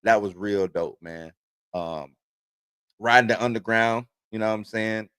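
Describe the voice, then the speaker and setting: A man's voice: on the low side, unhurried, fairly bright tone, clean tone, no room sound. A man in his forties hosting a casual livestream, reading entertainment news aloud and then rambling off into his own stories. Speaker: host.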